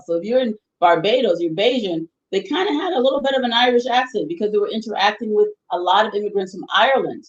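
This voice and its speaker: A woman lays out history in a long, thoughtful explanation, often restarting her sentences. Her voice sits in the middle range and carries a roomy echo, and the sound is a little dull. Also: mid-range voice. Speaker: guest presenter on history. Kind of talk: explanatory conversation.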